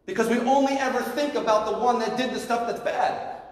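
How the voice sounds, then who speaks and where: A man preaching a sermon as pastor, telling a parable in a lively, animated way and acting out its scenes. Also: extremely high pitch, fairly quick. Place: church sanctuary. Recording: echoey church hall, mic at a distance.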